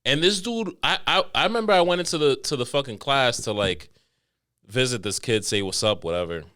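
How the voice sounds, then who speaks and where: A man's voice: medium pitch, lively intonation, brisk, pushed and bright. A young man from New York hosting a podcast, telling stories in loose, profane casual chat. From New York City. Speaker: podcast host.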